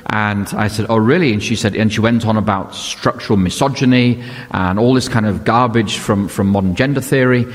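A man's voice: on the low side, a little fast, few pauses. An older man preaching a sermon as a pastor, telling stories and asking rhetorical questions in a conversational way. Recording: long hall reverb.

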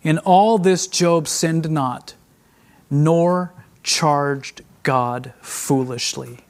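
High-voiced emotional male preacher. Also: drawn-out words. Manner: emotional, confessional preaching that swings from hushed to raised; addresses the congregation directly as friends. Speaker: traveling preacher. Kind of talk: sermon.

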